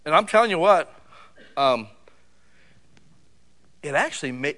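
Middle-aged male pastor, fired-up sermon delivery, bright and forceful tone, swings between loud and soft. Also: fairly high pitch, measured pace. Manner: animated, loud bursts with sudden drops to quiet.

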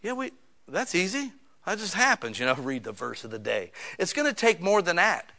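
Joking, animated male pastor preaching. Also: high-pitched, moderate pace, gravelly. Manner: jokey, conversational, swings from quiet to loud bursts. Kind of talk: sermon. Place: church.

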